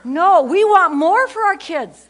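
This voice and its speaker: An older woman gives a funny faith talk at a conference, telling stories with plenty of energy and quick jokes. She swings between loud bursts and quiet asides and does voices for her kids and other people.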